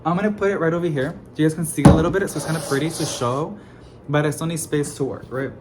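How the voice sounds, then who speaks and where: A young man talking in a rambling, expressive, sassy way, laughing often, in a casual vlog at home. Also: fairly high pitch, fast talker, very noisy. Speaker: plant vlogger. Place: home apartment, indoors.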